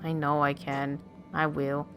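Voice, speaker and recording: A woman's voice: low voice, flat delivery, unhurried, pitched below the performer's own voice, poor audio. A woman reading the lines of an anxious, haunted male artist in a story game, over game music. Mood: subdued.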